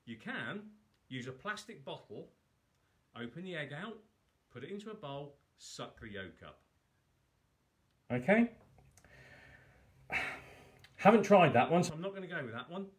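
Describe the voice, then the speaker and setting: A man's voice: fairly high pitch, big pitch swings, measured pace, long pauses. A man hosting a live cook-along, chatting casually and poking fun at himself as he talks viewers through each step. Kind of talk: casual live cooking demo.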